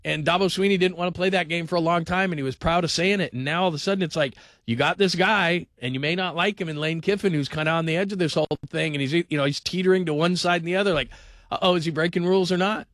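A man with a high, bright voice hosts a call-in sports radio show. He talks energetically and rambles, circling back over the same points. The studio sound is close and dry. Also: quick pace, no room sound. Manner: energetic, rambling, repeats himself.

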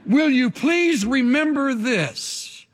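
A man preaching a sermon as pastor and leading an altar call, impassioned and rhythmic with long pauses, in a large church sanctuary. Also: extremely high pitch, lively intonation, big-room sound.

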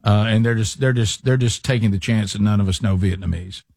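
A man's voice: lowish voice, fairly quick, gravelly, darkish tone, no echo, clean studio sound. A man hosting a talk show, telling a rambling story with lots of restarts in casual banter. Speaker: radio show host.

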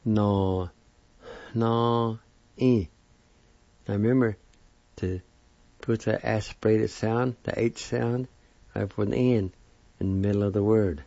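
A man teaching vocabulary, spelling out and pronouncing each word slowly and patiently, with repetition, on a dull lo-fi recording. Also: on the low side, fairly even intonation, vocal fry, warm tone, no echo. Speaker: language teacher. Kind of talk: slow spelling and pronunciation lesson. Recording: dull lo-fi sound.

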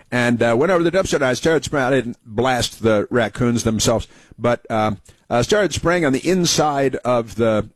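A man's voice: mid-range voice, no echo. A man from the United States hosting a talk radio show, telling stories in a rambling way with many fillers and restarts. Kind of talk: rambling conversational monologue.

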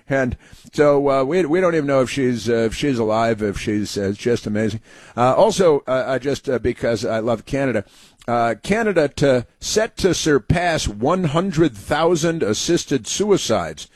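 A man hosting a talk show, delivering a sarcastic political commentary monologue, halting often with fillers and restarts. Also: mid-range voice, lively intonation, dry recording.

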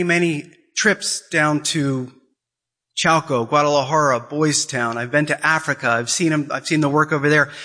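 A man delivers an impassioned sermon in a bright, forceful voice that sits a little high. He acts out quoted conversations as he preaches. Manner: emotional, rising to high-pitched pleading.

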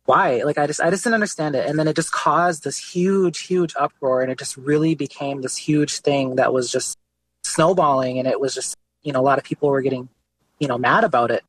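A man's voice: fairly high pitch, fairly quick, husky, no echo. A young man, an artist, telling his story casually in an interview, with lots of "like" and "you know". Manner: relaxed, conversational, many fillers like "like" and "you know". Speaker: guest artist.

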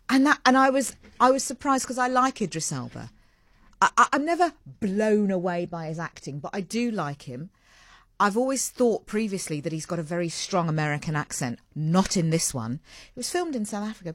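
A woman's voice: mid-range voice, lively intonation, brisk, fairly bright tone, no echo, clean studio sound. A woman hosting a radio breakfast show, chatting in a rambling, self-mocking way.

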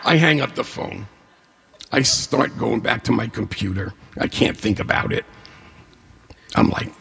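A man in his forties or older telling a personal story, a lively storyteller who acts out the dialogue with humor. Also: mid-range voice, measured pace, creaky, long pauses. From New York State. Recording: hall reverb.

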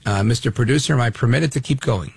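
A man's voice: medium pitch, quick pace, creaky, darkish tone, slightly rough, no room sound. A middle-aged man from Brooklyn hosting a talk radio call-in show, talking emphatically with many fillers. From Brooklyn, New York.

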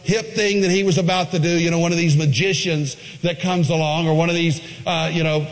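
A man preaching a sermon, retelling a scripture story with lively swings between quiet asides and high, excited quoted voices. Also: brisk, in a large hall, poor audio. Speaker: pastor.

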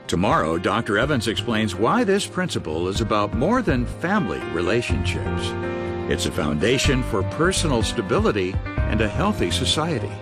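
A man reading scripted announcements for a radio ministry program in an even announcer manner. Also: fairly low pitch, normal speed, loud music behind the voice.

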